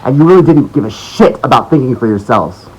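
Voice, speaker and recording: An American man delivering an angry, sarcastic, profane political rant as the host of his own video monologue, swinging between low mutters and loud outbursts. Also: expressive, brisk, slightly rough, dull audio. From United States. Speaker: political commentator.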